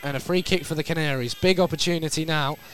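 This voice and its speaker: High-voiced male football commentator. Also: fairly even intonation, fairly bright tone. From North East England. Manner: quick play-by-play, rising in pitch and volume at big moments. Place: outdoors at a football ground.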